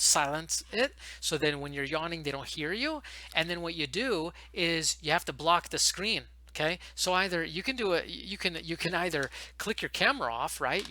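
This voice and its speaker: Guy on a headset giving teaching tips, real bright voice, fast and pumped, dry close sound. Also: fairly high pitch, no echo. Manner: fast, animated, coaching tone. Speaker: online ESL teacher giving advice. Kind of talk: casual advice video.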